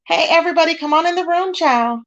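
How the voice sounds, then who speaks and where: A woman's voice: very high-pitched, fast talker, fairly bright tone, lo-fi sound. A woman hosting a casual livestream, greeting viewers and chatting while she searches her screen. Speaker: livestream host.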